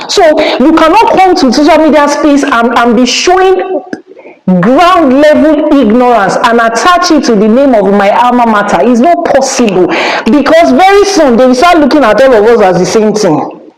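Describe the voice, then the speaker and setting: A woman's voice: high voice, roomy sound, poor audio. A Nigerian woman with a Nigerian accent, giving a spiritual teaching as an Ifá priestess in an emphatic, scolding manner and dropping in Yoruba phrases.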